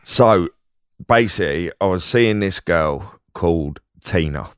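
A man's voice: sits low, animated, a little slow, clean tone, dry recording, clean studio sound. A middle-aged man with a Cockney accent, co-hosting a podcast and telling stories with laughs. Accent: London Cockney. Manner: laughing anecdotal storyteller. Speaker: podcast co-host. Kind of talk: casual chat, storytelling.

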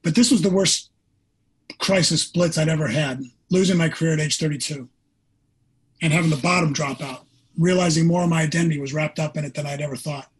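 An older man with a high-pitched, husky voice recounts a personal story as a podcast guest. He is earnest and animated and acts out what people said to him. He speaks as a former pro quarterback. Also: brisk, poor audio.

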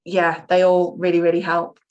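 A young woman who performs improv, chatting in an interview with a slightly low voice. She talks in an animated, rambling way and likes to poke fun at herself. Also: moderate pace, highs cut off. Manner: chatty, animated, self-mocking. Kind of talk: casual interview chat.

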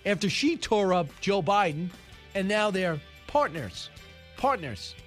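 A man's voice: high voice, lively intonation, faint music behind. A man hosting a talk radio show, giving opinionated, emphatic commentary and taking calls. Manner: opinionated, emphatic, quick asides. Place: radio studio.

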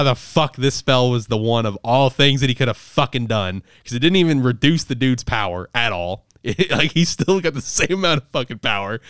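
A man hosting a casual podcast, recapping a manga chapter in a profane, rambling, animated way. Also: mid-range voice, moderate pace, hardly any pauses, smooth, no room sound, studio quality. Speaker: podcast host reviewing manga. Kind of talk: casual chat.

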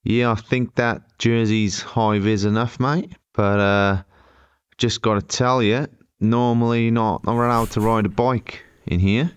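A man's voice: on the low side, fairly even intonation, measured pace, clean tone, no room sound, close to an everyday voice. A man putting on a bossy Aussie security guard. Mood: lecturing. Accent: put-on Australian. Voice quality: clumsy, exaggerated accent. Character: gruff Australian male security guard, bossy rule-stickler.

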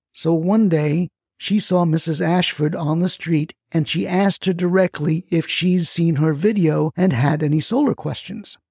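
A man's voice: sits high, vocal fry, mellow, no room sound, studio quality. A man narrating a scripted story in a wry, folksy way, with asides to the listener. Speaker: storyteller, the grandson.

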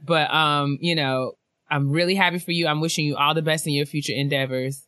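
A young woman co-hosting a casual chat show, reading listener emails aloud with lively asides and frequent laughter. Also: deep voice, brisk, dry recording, studio quality. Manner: animated, laughs often, rambling asides. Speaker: podcast co-host.

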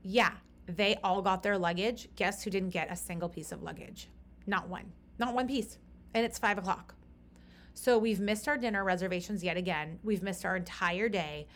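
Animated woman telling a podcast story. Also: mid-range voice. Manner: animated, reenacts conversations with rising exasperation. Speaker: podcast host.

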